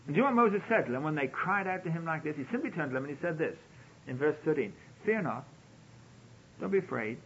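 A man's voice: fairly high pitch, expressive, rapid-fire, a bit bright, slight background noise. A man preaching a sermon, telling a story and acting out the quoted pleas, on a dull lo-fi radio broadcast.

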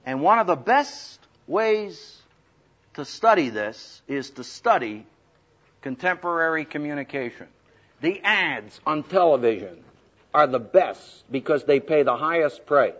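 Man, preacher, high voice, lively pitch, humorous teaching talk, dull lo-fi recording. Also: unhurried. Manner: animated, humorous, acts out quoted voices loudly. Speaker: preacher teaching speaking skills. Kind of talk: lively sermon-style talk to students.

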